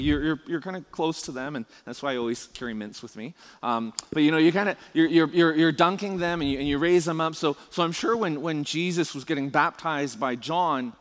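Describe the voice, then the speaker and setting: A man's voice: on the high side, fairly bright tone. A man preaching a conversational sermon, chatty and full of restarts and rhetorical questions. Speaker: pastor. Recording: long reverb of a large hall.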